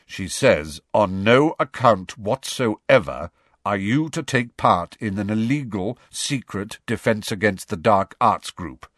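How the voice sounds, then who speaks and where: A brisk, frank adult wizard with a wry, impatient streak, as a man reads him in an audiobook. The voice sits low but swings widely in pitch. It is recorded dry and close. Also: expressive, fairly bright tone, dry recording, heavily acted. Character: adult male wizard, wry, bold, fond godfather. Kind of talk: audiobook character voice.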